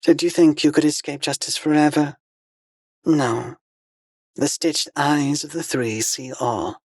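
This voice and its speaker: A man's voice: a little high, a little slow, a little mellow, breathy edge, dry recording, voice pushed up. A man voicing a blindfolded alien woman emissary, a serene fanatic who speaks in solemn ritual pronouncements. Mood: serene menace.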